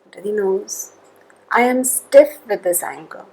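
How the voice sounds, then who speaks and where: A woman leading a guided tapping session, calling out tapping points in a slow, measured way between spoken statements. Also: medium pitch, lively intonation, a little mellow, breathy edge, low-quality recording.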